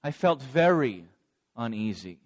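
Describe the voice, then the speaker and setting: A man's voice: mid-range voice, very animated, a little slow, darkish tone, voice pushed down. A man voicing a remorseful adult male disciple, telling of his denial in a dramatic first-person monologue.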